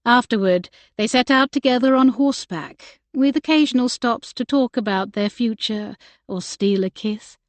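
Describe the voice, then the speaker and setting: A woman narrating a romance novel in a gentle storytelling manner. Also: on the high side, moderate pace, dry recording. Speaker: audiobook narrator. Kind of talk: scripted narration.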